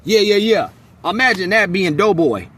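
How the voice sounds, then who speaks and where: A man giving a casual movie reaction, ranting in a profane, animated, rambling way. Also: high voice, moderate pace, slight background noise. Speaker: movie reviewer.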